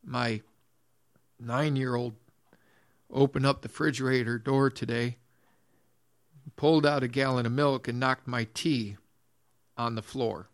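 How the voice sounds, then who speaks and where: A man's voice: mid-range voice, steady tone, unhurried, long pauses. A man preaching a sermon in earnest, repeating his phrases, restarting sentences and reading scripture aloud. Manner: reads scripture in old-fashioned phrasing. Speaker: pastor.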